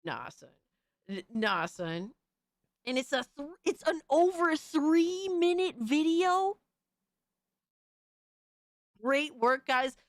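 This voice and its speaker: A woman streaming live, reacting to viewer videos with loud, exasperated, profane commentary and frequent shouts of disbelief. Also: sits high, animated, takes it slowly, pauses often, dry recording. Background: music.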